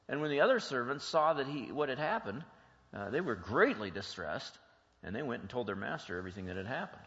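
This pastor's medium-pitched voice has a fairly bright tone as he teaches in a conversational style, tossing many plain, chatty questions to his congregation. The sound is lo-fi and dull, echoing with long reverb through the church sanctuary.

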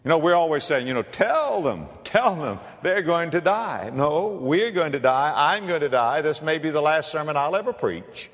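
A man preaching a sermon as pastor, dramatic, swinging between ringing emphasis and hushed tones. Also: a little high. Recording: reverberant hall.

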